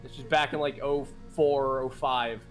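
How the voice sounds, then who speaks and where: A man in his thirties telling a story in casual chat, animated and swearing, laughing often. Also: medium pitch, unhurried, faint music behind. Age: 30s. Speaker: game master and streamer. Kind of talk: casual chat between players.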